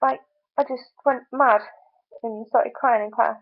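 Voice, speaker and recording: A young woman with a slightly high, gravelly voice vents in a casual video diary, frustrated and full of "like"s. The sound is thin and tinny, like it came through a phone line. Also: steady tone, measured pace. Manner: venting, frustrated, many fillers. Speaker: vlogger.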